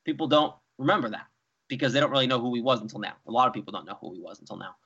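Bright-voiced young man talking sports. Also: medium pitch, rapid-fire, slightly rough. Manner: animated, rambling. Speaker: co-host. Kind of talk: casual sports chat. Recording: dull lo-fi sound.

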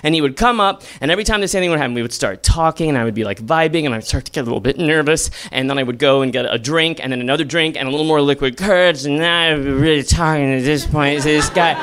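A man's voice: on the high side, fast, hardly any pauses, a bit bright, clean tone. A man from Texas telling a comic, self-mocking personal story live on stage before an audience, with many ums and likes.

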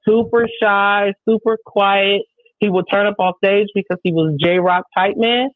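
A woman spins a story in a casual podcast chat, emphatic and lively, with swearing all through her telling. Her voice comes through thin and tinny, with the narrow range of a phone line. The sound is dry, with no room around it. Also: mid-range voice, unhurried, dry recording. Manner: profane, animated, emphatic storytelling. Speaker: show promoter.

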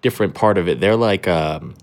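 A man's voice: low voice, fairly quick. A young man hosting a podcast in casual chat, rambling and slangy with lots of fillers and restarts, irreverent and self-deprecating. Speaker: podcast host.

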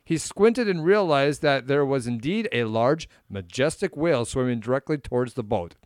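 A man with an Upper Midwest accent, co-hosting a casual podcast, muttering at equipment and reading a story aloud haltingly. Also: medium pitch, expressive, no echo, studio quality. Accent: Upper Midwest American. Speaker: podcast co-host. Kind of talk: casual chat.

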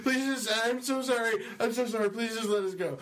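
Brief: man playing a cowering traveler, high and crying, pleading for mercy in a table game. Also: fairly quick, a bit bright, slight background noise. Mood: begging, sobbing. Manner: pleading, tearful, frantic. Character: terrified sobbing male traveler begging for mercy. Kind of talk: tabletop role-play.

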